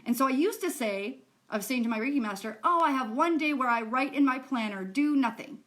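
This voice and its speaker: A woman's voice: high voice, expressive, brisk, fairly bright tone. A woman who is a self-help coach, teaching in a chatty, rambling way to camera, swearing casually now and then.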